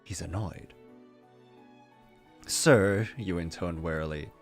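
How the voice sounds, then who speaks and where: A man's voice: sits low, huge pitch swings, moderate pace, soft background music. Amused man reading fanfiction aloud. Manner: amused, laughs through the reading, disbelieving asides. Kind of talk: casual read-aloud with commentary.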